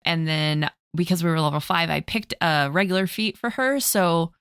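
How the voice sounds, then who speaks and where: A woman with a notably low voice chats about her tabletop game character, laughing often as she tells the story. She speaks into a close mic in a dry, deadened room. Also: normal speed, fairly bright tone, clean tone, no room sound. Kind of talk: casual podcast chat about a game.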